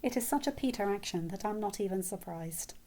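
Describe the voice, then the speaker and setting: A woman narrates a first-person story in an even, steady reading voice at a middling pitch. Her quoted lines lift a little livelier than the narration around them. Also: fairly quick. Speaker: fan fiction reader.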